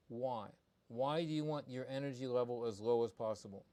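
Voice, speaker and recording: A veterinarian hosts a live show about pet behavior, speaking in a warm, medium-pitched voice at a normal pace. He talks conversationally with plenty of ums and restarts, stressing and repeating his main points.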